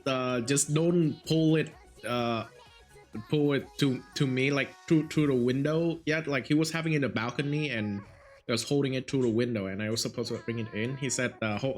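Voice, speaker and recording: A young man speaking English as a second language with a Vietnamese accent, streaming and telling a rambling story full of fillers and restarts. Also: mid-range voice. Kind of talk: casual chat. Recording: faint music behind.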